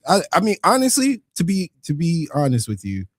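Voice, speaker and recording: A man's voice: a little high, wildly swooping pitch, brisk, dry recording, clean studio sound. Laid-back male sports radio co-host. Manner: analytical, laid-back, chuckling. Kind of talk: morning sports talk.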